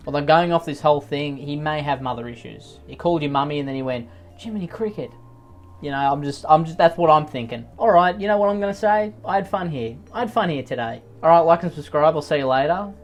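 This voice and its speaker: A man whose voice is a little high offers comedic reactions to posts read aloud, building exaggerated rants that erupt into sudden loud outbursts.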